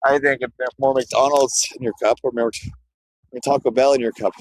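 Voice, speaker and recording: A man's voice: mid-range voice, a little fast, slight background noise, poor audio. A man live-streaming from his phone while walking outdoors, chatting loosely with his viewers in a rambling, scattered way. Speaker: livestreamer. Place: outdoors, walking through a neighborhood.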